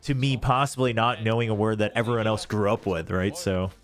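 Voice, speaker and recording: A man's voice: fairly low pitch, steady tone, fairly quick, faint music behind. A young man hosting an esports watch party, chatting casually and laughing at himself with lots of restarts. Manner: self-deprecating, laughs often, rambling restarts. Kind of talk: casual chat.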